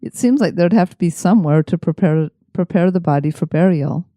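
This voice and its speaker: Woman co-host, lowish voice, dry studio sound, reacts in casual chat. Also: fairly quick, dark tone, no room sound. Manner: thoughtful, reacting to a story. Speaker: podcast co-host.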